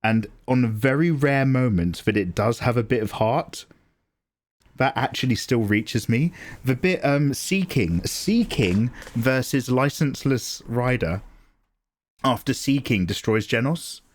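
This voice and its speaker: A man in his forties chatting casually on a live drawing stream, animated and self-deprecating, swearing freely. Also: unhurried. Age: 40s. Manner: mocks others with squeaky high voices. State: tearing up, emotional. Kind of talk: casual livestream chat. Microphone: desk mic, no camera.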